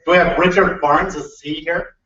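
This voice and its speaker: A man's voice: a little high, steady tone, moderate pace, sharp tone. A man moderating a meeting, informally calling up the next speakers. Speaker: event moderator. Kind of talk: introducing speakers. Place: meeting room with an audience. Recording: distant, roomy, lo-fi with a crowd.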